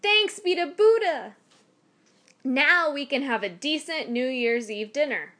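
A woman's voice: high-pitched, expressive, a little slow, fairly bright tone, voice pushed up. A woman storyteller voicing a fussing, worried old wife. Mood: alarmed. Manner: fussing, fretful.

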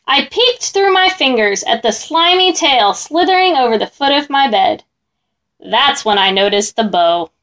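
Animated woman reading a children's story. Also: sits high, unhurried. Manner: expressive, animated.

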